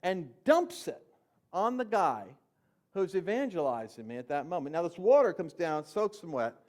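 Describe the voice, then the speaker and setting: Guy telling his born-again story, kinda high voice, chatty, goes loud then drops real low. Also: normal speed. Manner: animated, swings from loud emphasis to low asides; conversational with fillers and slang. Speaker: Christian speaker. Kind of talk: personal testimony storytelling.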